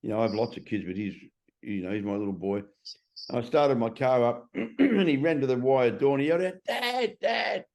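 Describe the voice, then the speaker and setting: A man's voice: mid-range voice, animated, brisk, a little mellow. A middle-aged man in a casual interview. He is a transformation coach who talks bluntly and swears freely.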